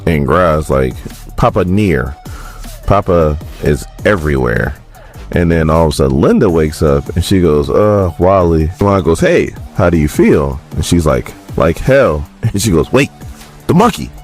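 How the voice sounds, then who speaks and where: A man casually recapping a comic book, quoting the characters in quick little voices as he goes. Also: sits low, expressive, darkish tone, faint music behind.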